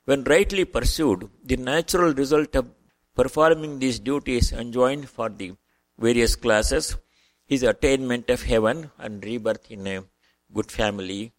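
A man delivers a spiritual talk in a measured, reflective way, now and then stopping to rephrase. His voice sits at an ordinary middle pitch. The recording is close and dry. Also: gravelly, no echo. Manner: measured, reflective, with occasional pauses and restarts. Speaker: spiritual teacher. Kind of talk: scriptural talk with reading aloud.

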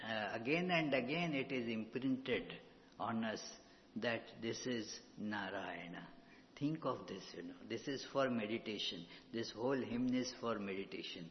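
A male spiritual teacher lectures at an unhurried pace, pausing often to gather his words. He speaks into a microphone in a hall, and the reverb rings long behind him. The recording is muffled and lo-fi. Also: medium pitch, slight background noise. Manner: slow, measured, with frequent pauses and fillers. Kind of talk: scripture lecture.

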